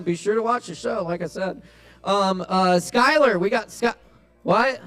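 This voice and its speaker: A man's voice: high-pitched, moderate pace, a bit bright, soft background music. Man hosting a live open mic. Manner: loose, joking, swearing casually. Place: kava bar, live event.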